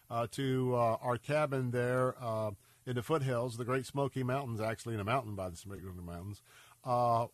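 A man's voice: medium pitch, dry recording. Male radio host pleading for donations, earnest and urgent, a bit congested and scratchy, dry studio mic. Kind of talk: radio fundraising appeal.

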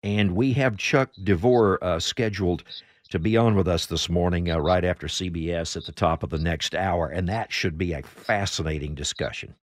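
Animated talk radio host. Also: male voice, deep voice, moderate pace, no room sound, studio quality. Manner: animated storyteller, hesitant restarts. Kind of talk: political talk radio chat.

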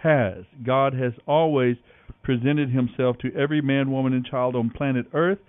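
A man's voice: medium pitch, fairly even intonation, smooth, no echo. Earnest man reading scripture on a tinny line. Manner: measured, earnest. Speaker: Bible reading host. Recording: tinny phone-like line, faint music.

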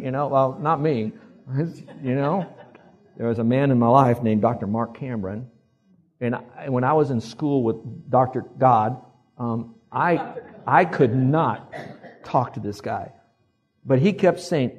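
A male pastor preaching a sermon, telling animated stories and acting out the quotes. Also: mid-range voice, a little fast, slightly rough, faint music behind. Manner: animated storyteller who acts out quotes.

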